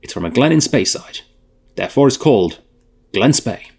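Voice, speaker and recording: A man's voice: mid-range voice, animated, normal speed, a little mellow, breathy edge. A man hosting a whisky tasting video, chatting casually and thinking aloud with fillers and self-corrections. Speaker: host.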